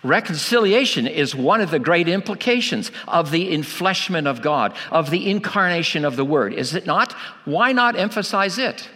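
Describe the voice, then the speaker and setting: A man's voice: on the high side, lively intonation, moderate pace, few pauses, bright, forceful tone, in a large hall. A man preaching a sermon, emphatic, asking rhetorical questions and repeating key lines for weight.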